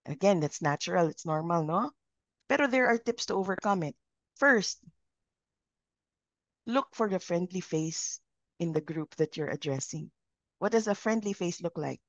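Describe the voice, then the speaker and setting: A woman's voice: on the low side, expressive, normal speed, long pauses, no echo. Filipino woman facilitator, engaging trainer who quizzes her class, dry muffled recording. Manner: engaging, asks the group questions. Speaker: communication trainer. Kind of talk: live training session, Taglish. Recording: dull lo-fi sound.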